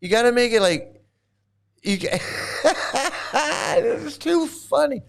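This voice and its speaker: A man's voice: very high-pitched, sing-song, slow pace, creaky, a bit bright. A man hosting a casual livestream chat, rambling and stammering, laughing often and mocking. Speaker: channel host.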